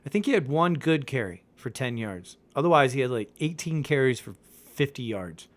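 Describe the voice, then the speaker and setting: A man hosting a casual podcast, ranting in an animated way with swearing and laughter. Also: medium pitch, normal speed. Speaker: podcast host. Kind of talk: casual fantasy football podcast chat. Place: home in the mountains.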